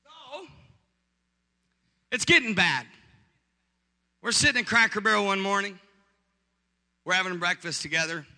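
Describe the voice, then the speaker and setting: A pastor preaching with animated, punchy storytelling and comic timing. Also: male voice, sits high, unhurried, pauses often, in a large hall. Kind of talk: storytelling sermon.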